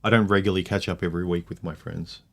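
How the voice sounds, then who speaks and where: A middle-aged man hosts a casual livestream. His voice sits fairly low, and he rants with strong opinions. His sentences are packed with "like"s. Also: fairly even intonation, fast, creaky, a bit bright. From Australia. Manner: opinionated, ranting, many "like"s. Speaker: livestream host.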